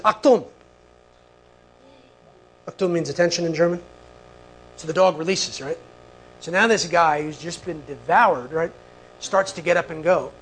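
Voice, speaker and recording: A man with a slightly higher voice tells a long personal story to a live audience. He talks in an animated way and keeps turning to the listeners with quick asides. A faint hum sits under the recording. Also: poor audio. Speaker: speaker.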